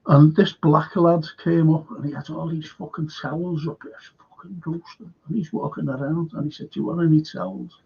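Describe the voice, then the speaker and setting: Gravelly older Liverpool man, swearing. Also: on the high side, fairly even intonation, moderate pace, few pauses, highs cut off. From Liverpool, England. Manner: swears freely, tells stories with frequent fillers. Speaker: host. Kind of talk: rambling anecdotal livestream chat.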